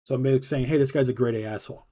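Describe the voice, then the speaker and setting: Male streamer, quick husky delivery, animated storyteller voicing everyone he quotes. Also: medium pitch. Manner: fast, animated retelling with quoted dialogue. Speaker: podcast host telling a personal story. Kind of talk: casual storytelling monologue.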